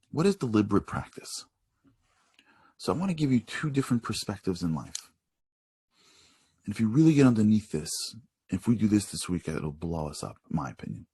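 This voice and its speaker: A man preaching a sermon in an animated, conversational storytelling manner. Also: fairly low pitch, fairly quick, pauses often, husky, no room sound.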